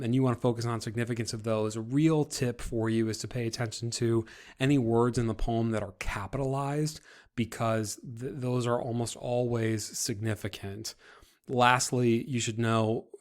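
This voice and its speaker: A male teacher explaining a group assignment to his students in a conversational way, with frequent fillers and restarts. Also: medium pitch. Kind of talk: classroom instruction video. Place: recorded for an online class.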